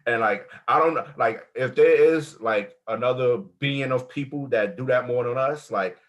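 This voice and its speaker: A man's voice: mid-range voice, normal speed, muffled recording. A man joining a casual panel discussion, talking loosely with many fillers.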